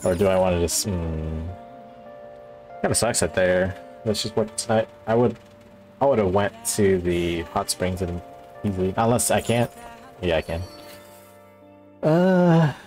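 A man quietly thinking aloud as he plays a game, in casual commentary. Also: expressive, measured pace, pauses often, faint music behind. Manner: low-key muttering, thinking aloud. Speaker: gamer.

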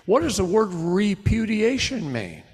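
A middle-aged man giving a live seminar lecture to an audience, preaching in animated bursts that drop to low asides. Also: measured pace, husky. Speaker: seminar speaker. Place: large hall before a live audience. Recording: long hall reverb.

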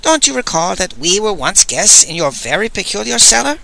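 A man voicing an old, sardonic male sage who talks in a dry, brisk, exasperated way, in an audiobook. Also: sits high, sing-song, creaky, bright, forceful tone, full character voice, rough recording. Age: older.

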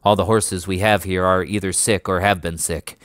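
A man voicing a stiff, reluctant army major who speaks quietly but firmly, in a storybook reading. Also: deep voice, steady tone, normal speed, dry recording, studio quality.

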